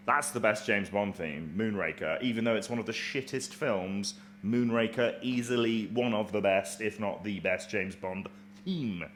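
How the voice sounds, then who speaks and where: A man's voice: fairly low pitch, moderate pace, a bit bright, slight background noise. A man in his thirties chatting casually and cursing freely while making a meal for his fitness vlog. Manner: chatty, profane and offhand. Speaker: bodybuilding vlogger.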